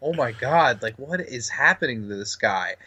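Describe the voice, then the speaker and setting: A man's voice: medium pitch, animated, normal speed, bright, forceful tone, husky. A man co-hosting a casual podcast about movies, eagerly acting out favorite lines. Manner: enthusiastic, acts out movie lines. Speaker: podcast co-host.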